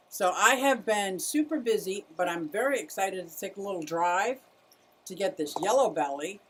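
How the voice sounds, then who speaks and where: A woman's voice: medium pitch, animated, normal speed, a bit bright, husky. Middle-aged woman, casual livestream host, chatty with her viewers and her turtles. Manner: chatty, greets viewers, talks to her animals. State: out of breath at times.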